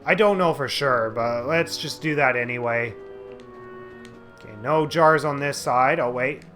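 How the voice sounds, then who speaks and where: A man's voice: medium pitch, measured pace, fairly bright tone, soft background music. A man giving casual, rambling commentary over a video game he is playing at home, with lots of fillers and restarts. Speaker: let's play host.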